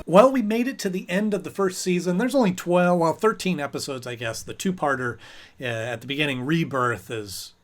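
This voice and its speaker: A man's voice: fairly high pitch, normal speed, soft background music. A man hosting his channel, chatting casually in a rambling way with lots of fillers. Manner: chatty, rambling with fillers, briefly acting out characters. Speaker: host and episode reviewer. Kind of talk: casual chat review.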